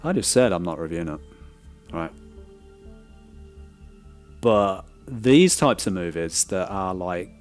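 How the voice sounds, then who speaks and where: Frank man reviewing a disc. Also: fairly low pitch. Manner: frank, repeats "right?" often, restarts words. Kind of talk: casual critical review.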